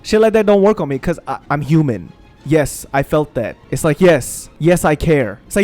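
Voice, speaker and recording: A man's voice: on the high side, moderate pace, faint music behind. A man ranting with emphasis and plenty of profanity, giving commentary over gameplay. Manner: profane, animated, emphatic venting. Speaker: gaming streamer.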